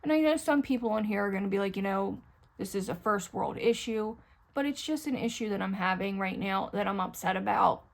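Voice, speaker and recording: This middle-aged woman speaks in a mid-range voice with vocal fry, talking quickly and barely pausing. As a beauty vlogger doing a get-ready-with-me video, she applies makeup at home and chats candidly into the camera, drifting from story to story and often turning to her viewers.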